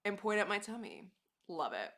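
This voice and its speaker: A woman's voice: mid-range voice, big pitch swings, normal speed, a bit bright. A woman live streamer chatting casually to her viewers, rambling and laughing often.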